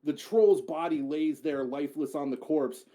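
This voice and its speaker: A man's voice: on the high side, normal speed, mellow. A man narrating a tabletop game as game master, casual, often swearing and correcting himself mid-sentence.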